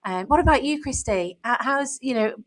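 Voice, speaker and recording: A woman's voice: high voice, lively intonation, moderate pace. A middle-aged woman, an author talking openly and thoughtfully on her podcast, often saying "you know". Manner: open, reflective, leans on "you know". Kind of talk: casual podcast chat.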